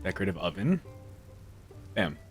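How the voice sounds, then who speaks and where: A man's voice: sits low, very animated, normal speed, husky, faint music behind. A man giving casual, playful commentary as a gaming YouTuber, poking fun at himself and laughing often. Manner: playful and self-mocking, with frequent laughter.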